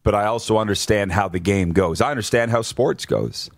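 A man's voice: lowish voice, a little fast, no room sound. Male sports talk host, opinionated, works through his points bluntly; dry booth sound. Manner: blunt, numbered-point rundown with frequent restarts.

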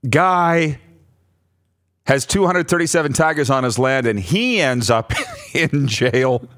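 A man's voice: medium pitch, animated, takes it slowly, fairly bright tone, dry recording, clean studio sound. A man hosting a casual radio show, laughing often as he jokes and reads out listener messages. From Saskatchewan, Canada. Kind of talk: casual sports radio banter. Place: radio studio.

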